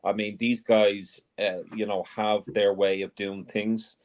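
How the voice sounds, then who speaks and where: A man's voice: fairly low pitch, flat delivery, unhurried, darkish tone. A man on a fan show arguing his point with passion and repeating it for emphasis. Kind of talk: casual live fan-show chat.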